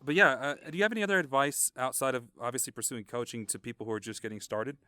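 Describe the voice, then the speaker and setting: Quick, bright-voiced young podcast host. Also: male voice, medium pitch, dry recording, clean studio sound. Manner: quick, eager, laughs along. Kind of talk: casual interview chat.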